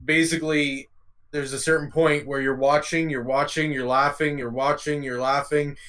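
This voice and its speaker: A man on a livestream panel who talks haltingly, filling his sentences with lots of ums and uhs. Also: a little high, little pitch movement, fairly bright tone. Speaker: panel guest. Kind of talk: casual group discussion.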